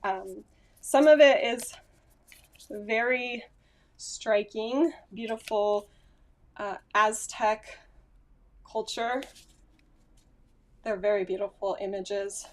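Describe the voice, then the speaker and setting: A woman's voice: medium pitch, slow, pauses often. Chatty woman vlogging on a phone. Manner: chatty, rambling, self-correcting with small laughs. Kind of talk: casual chat to camera. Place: at home, indoors. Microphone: phone camera.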